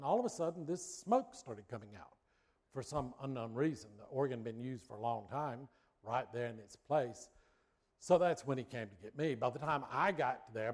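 Middle-aged man, pastor, animated storyteller who moves from a comic anecdote into a sermon point. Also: medium pitch. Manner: lively storyteller, builds suspense then makes a point.

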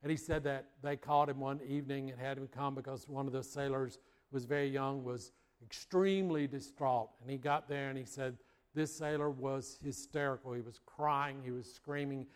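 A man preaching a sermon, earnest and unhurried, leaning on slow, emphatic phrases. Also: medium pitch, steady tone, smooth. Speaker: pastor.

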